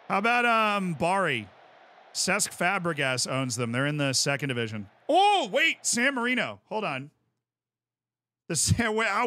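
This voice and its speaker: A man in his twenties with an American accent, chatting casually on a live stream as he plays a game and reads out chat, bursting into excited yells. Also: fairly high pitch. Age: 20s. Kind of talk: casual live-stream commentary while gaming.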